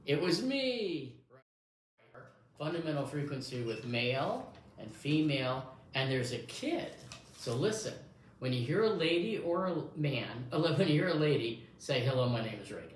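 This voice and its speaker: This man's voice sits on the high side, swinging widely in pitch at a slightly slow pace. He's demonstrating a hearing test, coaxing the listener encouragingly as if addressing a small child. The room echoes, with faint noise in the background.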